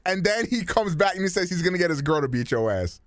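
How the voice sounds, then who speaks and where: A man's voice: high voice, sing-song, fast, background noise. A male streamer giving casual reaction commentary on clips in a giggly, amused, loose way.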